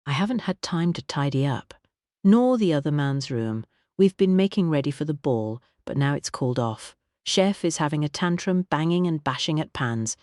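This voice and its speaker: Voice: medium pitch, animated, normal speed, a little mellow, no echo, studio quality, close to an everyday voice. A narrator voicing a nervous, chattering grey-haired housekeeper. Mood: fretful. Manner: fretful chatterbox, rambling.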